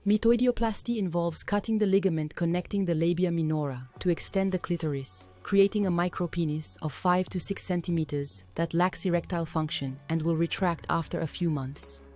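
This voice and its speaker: A woman reading a scripted documentary voice-over in a measured, matter-of-fact way. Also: fairly low pitch, a little mellow, faint music behind. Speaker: documentary narrator.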